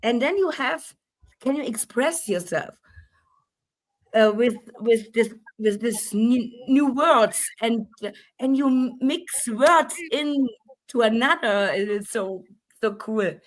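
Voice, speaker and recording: A German-accented woman talks in a relaxed, unhurried way, her voice sitting a little high. English is not her first language, so she often breaks off and restarts mid-phrase while hunting for words. It comes across as a loose, casual chat. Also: low-quality recording. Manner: halting, searching for English words, frequent restarts.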